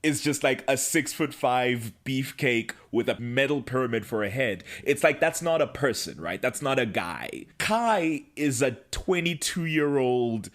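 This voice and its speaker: A man's voice: mid-range voice, lively intonation, a little slow, few pauses, fairly bright tone. Wry man musing in casual chat. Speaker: podcast co-host.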